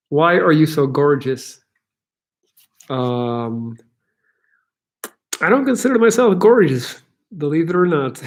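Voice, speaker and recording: Chatty man with a fairly high voice. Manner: chatty and joking, laughs easily. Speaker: livestream Q&A host. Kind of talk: casual chat answering viewer questions.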